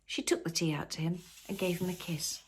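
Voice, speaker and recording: A woman's voice: on the low side, steady tone, a little fast, a little hiss or hum. A woman reading her own novel aloud, chatting and joking between chapters. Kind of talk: storybook reading and casual chat.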